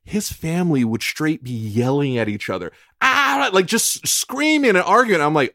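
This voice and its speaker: A man's voice: fairly high pitch, big pitch swings, moderate pace, few pauses, sharp tone, dry recording, studio quality. A man co-hosting a podcast, joking and rambling in casual chat, with fillers and restarts. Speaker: podcast co-host.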